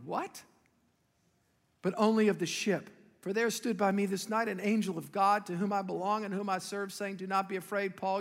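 A male pastor with a very high voice, preaching a sermon in a big church hall with a long echo. He tells the story vividly, rising loud and then dropping to quiet, pointed emphasis. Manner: animated storytelling with sudden drops to quiet emphasis.

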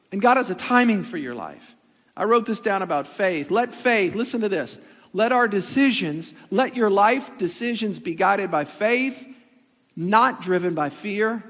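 A man's voice: high-pitched, vocal fry, a bit bright, long reverb tail. A man pastor giving a sermon, emphatic and repeating his phrases for weight.

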